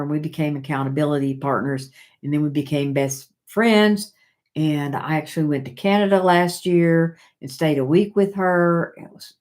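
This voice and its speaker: A woman's voice: deep voice, darkish tone. A middle-aged woman hosting a casual live chat, rambling and reading viewer comments aloud.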